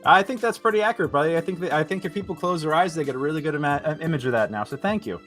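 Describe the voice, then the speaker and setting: A man's voice: on the high side, racing, soft background music. Laid-back man running a tabletop game. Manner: relaxed and joking, drawls "y'all". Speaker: game master. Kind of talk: hosting a tabletop game stream.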